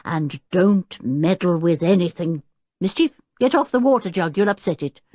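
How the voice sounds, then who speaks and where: A woman voicing a loud, absent-minded scientist father with a bluff, hearty, booming manner in a storybook reading. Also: expressive, normal speed, dry recording, studio quality.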